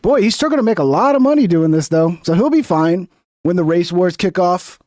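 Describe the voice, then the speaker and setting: A man's voice: high voice, lively intonation, brisk, darkish tone. A man hosting a political reaction show, swearing constantly, angry and sarcastic as he tears into a clip. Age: 30s or older. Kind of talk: profane political reaction commentary.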